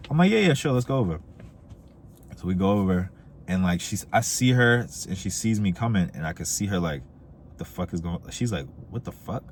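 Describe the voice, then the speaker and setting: A young man telling dating stories in a casual, animated way, acting out the quoted voices. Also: brisk, slight background noise. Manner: animated, acts out quoted voices with big pitch jumps. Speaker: dating advice vlogger. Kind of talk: casual storytelling monologue.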